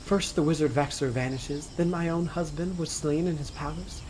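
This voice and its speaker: A man's voice: a little high, moderate pace, a little mellow, a little hiss or hum, pitched above the performer's own voice, close to an everyday voice, rough recording. A man voicing a solemn, grieving queen as he reads game text aloud in a stately, imploring tone.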